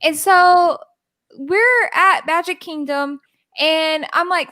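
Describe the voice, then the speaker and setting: A woman co-hosting a podcast, telling a story in casual chat, animated and exasperated, swearing and acting out what others said. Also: very high-pitched, slow pace, no echo, poor audio. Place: podcast recorded live with co-hosts.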